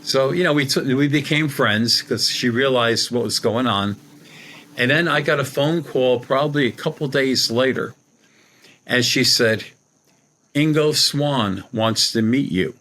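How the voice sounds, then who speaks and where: Speaking at a medium pitch and a measured pace, the man sounds pushed and bright. He's a guest and psychic medium who rambles casually through a personal story, retelling people's words with "she goes".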